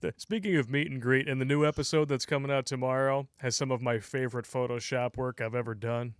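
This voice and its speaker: A man's voice: medium pitch, fairly even intonation, brisk, slight background noise. A man co-hosting a podcast who trades crude jokes and laughs easily in casual banter. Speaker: podcast co-host.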